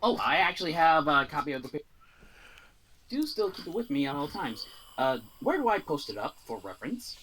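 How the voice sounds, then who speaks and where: Husky man, quick offhand replies. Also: fairly high pitch, big pitch swings, fairly bright tone, rough recording. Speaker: stream guest. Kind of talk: casual chat.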